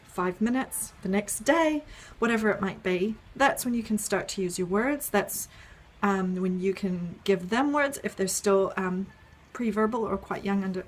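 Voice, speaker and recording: A woman's voice: medium pitch, slightly rough. A woman explaining an idea in a casual video, step by step, with frequent ums and "right?" checks. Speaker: parenting educator.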